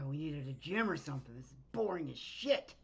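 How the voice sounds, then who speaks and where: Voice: medium pitch, animated, normal speed, gravelly. A player voicing a bored, restless spacefarer sitting in a co-pilot's chair and grumbling in a whiny way.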